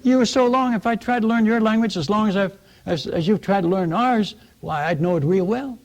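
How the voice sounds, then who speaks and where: A man's voice: sits high, fairly quick, highs cut off, voice pushed up. A man voicing a blunt, plain-spoken aging male tribal chief in a told story. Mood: scolding.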